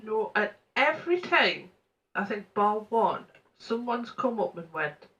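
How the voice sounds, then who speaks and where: A woman's voice: medium pitch, very animated, unhurried, a bit bright, low-quality recording. A woman co-hosting a casual chat, telling chatty anecdotes. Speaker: co-host.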